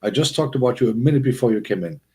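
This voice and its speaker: Rambling, animated streamer man. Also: rapid-fire. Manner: rambling and animated, with restarts and chuckles; bursts of high-pitched excitement. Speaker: livestream host. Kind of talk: casual livestream chat, talking to chat.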